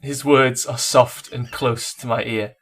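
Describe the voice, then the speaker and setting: A man's voice: medium pitch, steady tone, measured pace, a bit bright. A man reading aloud as a woman narrating a steamy romance scene, in a hammed-up voice. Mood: breathy reading. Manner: theatrical romance reading in a mock northern voice. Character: adult woman narrator-heroine, breathless.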